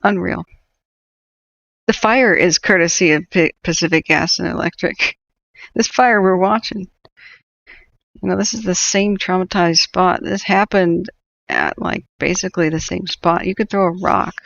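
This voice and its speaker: Sardonic woman with a gravelly voice. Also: lowish voice, measured pace, a bit bright, no echo, highs cut off. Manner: sardonic, laughs often, rambling. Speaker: wildfire-tracking livestream host. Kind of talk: live stream commentary.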